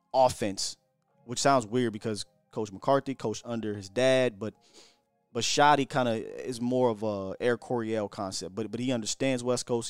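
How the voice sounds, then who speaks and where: A man hosting a casual live sports stream, talking in an animated way with repeats and slang from a hotel room. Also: mid-range voice, clear, resonant tone, no echo. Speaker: sports show host.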